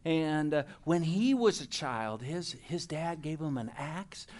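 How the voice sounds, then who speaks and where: A man voicing a stern, suspicious father who questions his son slowly in a lower voice. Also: lively intonation, a little mellow. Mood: lecturing.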